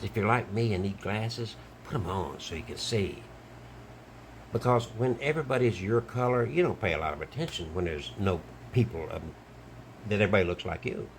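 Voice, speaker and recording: A man's voice: fairly low pitch, gravelly, slight background noise. An older man from Alabama, talking bluntly in a rambling monologue full of fillers. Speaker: video commentator. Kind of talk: casual monologue to camera.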